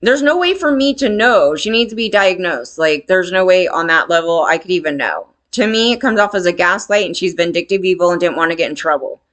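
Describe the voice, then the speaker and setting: A woman's voice: on the low side, animated, fairly quick, few pauses, a bit bright. A woman telling a candid personal story in a rambling, emphatic way, swearing freely.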